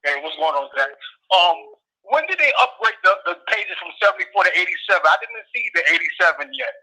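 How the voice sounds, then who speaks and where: A man's voice: high-pitched, very animated, quick pace, creaky, noisy background. A male caller on a radio show, talking eagerly and stumbling over repeated words. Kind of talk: call-in chat.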